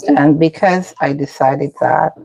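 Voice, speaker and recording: A woman hosting a casual home cooking vlog, explaining each step in an unhurried way as she cooks in her kitchen. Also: sits low, creaky, a little mellow, husky, dry recording, poor audio. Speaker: cooking channel host.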